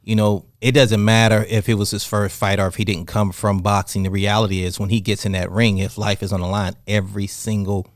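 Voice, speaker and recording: A man, a boxing fitness coach, telling stories on a podcast in an animated, passionate way. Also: on the low side, fairly quick, few pauses, no echo, clean studio sound. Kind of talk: casual podcast storytelling.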